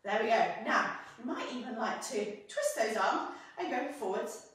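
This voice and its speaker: A woman's voice: a little high, expressive, normal speed, fairly bright tone, far from the mic. Sing-song woman leading a kids' class. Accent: British English. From England. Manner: sing-song, encouraging, playful. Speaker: children's pilates instructor. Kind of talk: guided kids' movement class. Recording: echoey room, off-mic.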